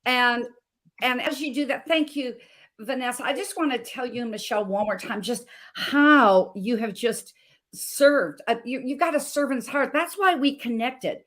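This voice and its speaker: A woman's voice: on the high side, moderate pace, a bit bright. A middle-aged woman from Montana, a health coach and guest, telling her story emphatically and with feeling. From Montana, USA. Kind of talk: personal testimony on a talk show.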